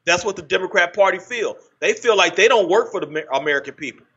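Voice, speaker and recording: A man hosting a casual political chat, halting with frequent restarts. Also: sits high, lively intonation, fairly bright tone, husky. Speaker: podcast host. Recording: muffled lo-fi audio.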